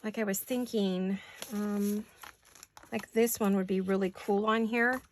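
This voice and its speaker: In her home studio, a paper craft vlogger chats casually to the camera as she crafts, thinking aloud and laughing easily. Her mid-range voice keeps a fairly even intonation at a slightly slow pace, with a little background noise.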